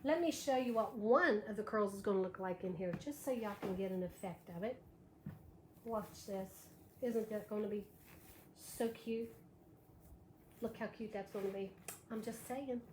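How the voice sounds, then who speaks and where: A woman's voice: mid-range voice, normal speed, pauses often. A woman hosting a live wreath-making tutorial, chatty and gushing as she greets viewers by name. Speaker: live craft show host. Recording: echoey room with faint background noise.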